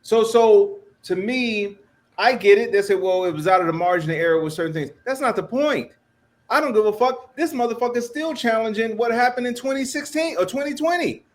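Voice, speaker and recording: A man's voice: very high voice, a little fast. A man co-hosting a comedy politics podcast, ranting in exasperation. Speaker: podcast co-host.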